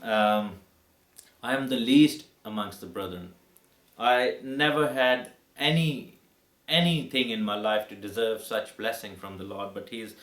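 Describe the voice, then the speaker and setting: A man's voice: on the low side, fairly bright tone. Fervent male pastor in a roomy space. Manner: fervent, emotional, with frequent restarts. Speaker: pastor and evangelist. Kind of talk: personal faith testimony. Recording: roomy echo.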